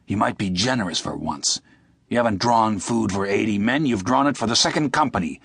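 A man's voice: lowish voice, expressive, fairly quick, vocal fry, a bit bright, husky, no room sound, heavily acted. A man voicing a shrewd, hard-bitten older soldier in an audiobook, speaking brusquely and demanding. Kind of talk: audiobook character voice.

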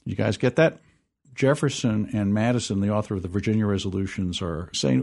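A man co-hosting a history talk, lecturing and reading documents aloud in an animated way. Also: on the low side, fairly quick, gravelly. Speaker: history podcast co-host. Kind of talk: casual history discussion.

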